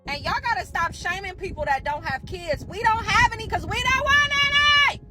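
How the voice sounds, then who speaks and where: A woman's voice: extremely high pitch, normal speed, over loud music. A woman in her twenties ranting casually to camera, sassy and emphatic. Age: 20s. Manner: loud, sassy, laughing, emphatic.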